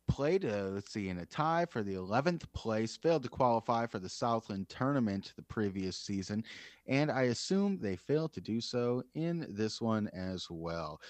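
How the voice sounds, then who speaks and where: Man, podcast co-host, animated playful chat, dry close sound. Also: medium pitch, no echo. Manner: lively, playful delivery.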